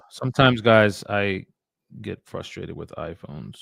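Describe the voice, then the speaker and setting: Gravelly-voiced man chatting on a live stream. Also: on the low side, slow, fairly bright tone, no room sound, clean studio sound. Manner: chatty and offhand, muttering asides to viewers. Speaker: real estate agent. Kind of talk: live-streamed cold calling with commentary.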